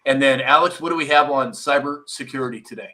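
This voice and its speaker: A man hosts a live stream in a bright, crisp voice. He rambles casually, chats with his crew and reads viewer comments aloud. His pitch sits in an ordinary middle range. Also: quick pace. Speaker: live stream show host.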